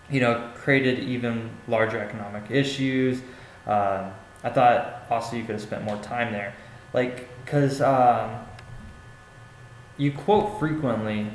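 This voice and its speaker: A young man giving a classmate casual spoken feedback on a paper, hesitant, with many fillers and restarts. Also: medium pitch. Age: young adult. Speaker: student giving peer feedback. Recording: echoey room with faint ambient noise.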